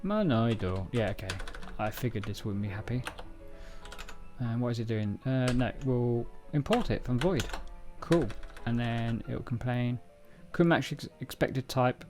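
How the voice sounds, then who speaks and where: A man's voice: medium pitch, a little slow, music in the background. Rambling, self-mocking male streamer. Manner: rambling, self-mocking, stumbles over words. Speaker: livestreamer reading a programming book. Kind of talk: casual live-coding walkthrough.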